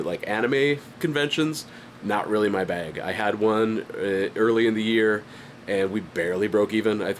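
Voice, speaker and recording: A man's voice: on the low side, slight background noise. A man giving a casual, rambling vlog update about his art business, stuffy-headed with a light cough and lots of fillers. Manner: rambling, self-deprecating, frequent fillers and restarts. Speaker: independent artist and channel host. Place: home studio.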